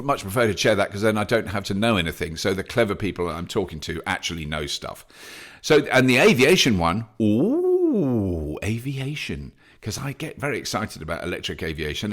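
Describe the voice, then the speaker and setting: Man, podcast host, low voice, very lively pitch, enthusiastic, chatty, self-deprecating. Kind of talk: solo news update podcast.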